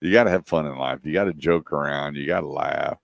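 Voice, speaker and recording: Very deep-voiced man hosting radio. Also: quick pace, creaky, dry recording, lo-fi sound. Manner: tells joking prank stories, acting out voices. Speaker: radio show host. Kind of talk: casual radio chat and storytelling.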